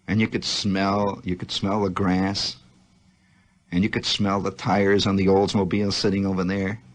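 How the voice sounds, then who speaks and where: A man hosting a radio show, telling a childhood story in a rambling, animated monologue and often searching for words. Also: low-pitched, normal speed. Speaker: radio host.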